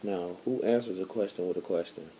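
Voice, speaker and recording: Very deep, dark-voiced man bantering. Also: fairly quick, rough recording. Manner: joking, bantering, cuts in to correct her. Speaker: vlogger's partner. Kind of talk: casual storytelling chat.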